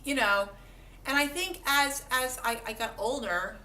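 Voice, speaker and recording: Her voice sits high, bright and forceful, and she speaks a little slowly. This vlogger talks to camera in a chatty, self-mocking way, repeating words as she goes and acting out animal voices, recorded in an echoey room with a faint hum of background noise.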